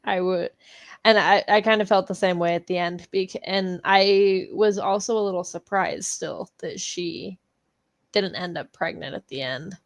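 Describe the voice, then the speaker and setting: A young adult woman co-hosting a book club podcast, speaking slowly and laughing through emotional moments. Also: lowish voice, dry recording. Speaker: podcast co-host. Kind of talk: casual book club chat.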